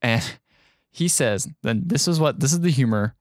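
A man's voice: mid-range voice, animated, normal speed, dry recording, clean studio sound. A man hosting a podcast in casual chat, recapping a film in a blunt, sweary, dismissive way. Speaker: podcast host.

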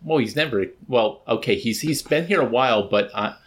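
A man's voice: mid-range voice, normal speed, fairly bright tone, breathy edge. A man reading a novel aloud and then discussing it in a hesitant, thoughtful way.

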